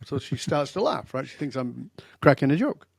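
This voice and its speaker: A man's voice: medium pitch, moderate pace, vocal fry, husky, no room sound, studio quality. An older man telling stories in a direct, emphatic way as a guest in a podcast interview. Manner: direct, emphatic, animated storyteller. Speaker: guest expert.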